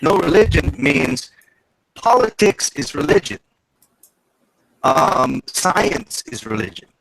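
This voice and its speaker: A man's voice: a little high, huge pitch swings, slow pace, gravelly, fairly bright tone, rough recording. A man on a video call in a heated casual live chat, emphatic, repeating himself and swearing.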